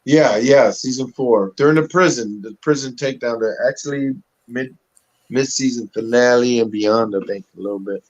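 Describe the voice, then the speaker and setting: A man guest telling stories in a casual interview, animated, acting out the voices of people he quotes, talking through a webcam on a video call. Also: mid-range voice, moderate pace. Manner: animated storyteller who acts out quoted voices. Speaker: actor guest. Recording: dull lo-fi audio.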